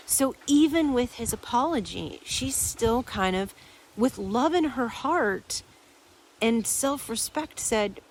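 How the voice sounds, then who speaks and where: A woman hosting a recovery support show, telling a story in a chatty, animated way and addressing listeners directly. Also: mid-range voice, a little slow, slight background noise. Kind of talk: storytelling to an audience.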